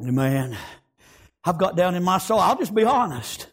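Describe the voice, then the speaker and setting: High, husky man preaching a fervent sermon. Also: very animated, moderate pace. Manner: chanting "praise God" and "amen" between phrases, swinging into shouts; rough preacher's cadence.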